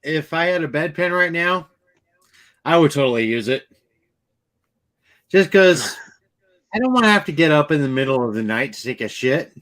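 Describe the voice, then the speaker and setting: A man's voice: fairly high pitch, expressive, normal speed, long pauses, a bit bright, no echo, studio quality. A man chatting casually on a podcast, giving laid-back joking replies.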